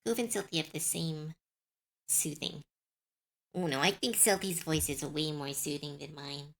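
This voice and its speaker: A woman streamer chatting casually on a live stream, musing softly and answering her chat. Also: low-pitched, fairly even intonation, a little slow, gravelly.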